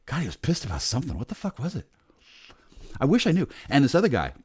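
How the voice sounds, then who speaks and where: A man in his forties, rambling in a bitter, sardonic, heavily profane monologue, muttering low and then bursting out loud. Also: wildly swooping pitch, fast talker, slightly rough, dry recording, studio quality. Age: 40s. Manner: bitter, sardonic, swears a lot. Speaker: vlogger.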